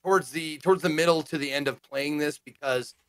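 A man's voice: a little high, brisk, no echo. A man co-hosting a casual gaming talk show, playful and prone to mock announcer voices. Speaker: co-host. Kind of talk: casual chat.

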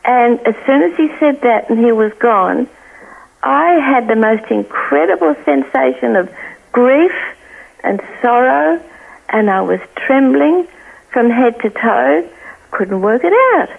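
An older woman from Australia tells her story down a phone line that sounds tinny and thin. Her voice sits a little high with a gravelly, creaky edge. She tells it earnestly and brings each quoted voice to life. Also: expressive, a little slow. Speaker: guest. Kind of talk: telling a personal story.

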